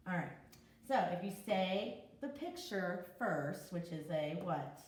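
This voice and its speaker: A woman teaching preschoolers, slowly sounding out letters and short vowel sounds in a recorded lesson. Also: lowish voice, lively intonation, roomy sound, far from the mic. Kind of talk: remote lesson for young children.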